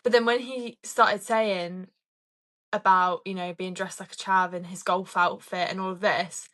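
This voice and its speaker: A young woman co-hosting a podcast, telling a story in casual chat and dropping low and quiet as she explains. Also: steady tone, unhurried. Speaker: podcast co-host.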